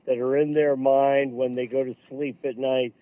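An earnest man talks haltingly, circling back to restart his phrases. He comes through a narrow, tinny phone line with a dry sound and no room around him. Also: mid-range voice, level tone, dry recording. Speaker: radio guest, veterans golf program leader. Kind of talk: phone-in radio interview.

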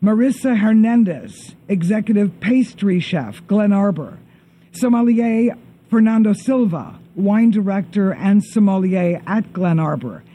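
Male host, middle-aged, high, husky and mellow voice, easygoing interview chat. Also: lively intonation. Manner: chatty, reads lists of names haltingly. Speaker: show host.

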